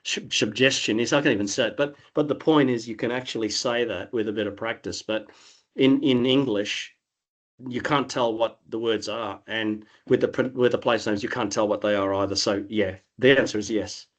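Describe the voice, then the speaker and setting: A middle-aged man with an Australian accent, answering interview questions in a relaxed, rambling way with many restarts over a video call. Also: fairly low pitch, moderate pace. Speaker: interview guest. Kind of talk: casual conversational answers.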